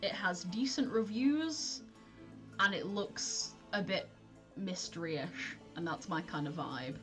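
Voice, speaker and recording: A young woman streamer with a lowish voice and slow pace chats casually and self-deprecatingly, often giggling, as she plays a detective game. Soft music plays in the background.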